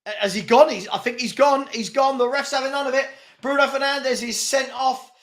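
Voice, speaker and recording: A man hosting a live football watchalong, commentating excitably and exasperatedly and often laughing. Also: very high voice, normal speed. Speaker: fan channel host.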